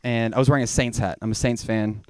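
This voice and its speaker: A man's voice: medium pitch, fairly even intonation, fast, darkish tone, clear, resonant tone, dry recording. A young man from Georgia doing a rambling, profane stand-up set in a small venue. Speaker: stand-up comedian.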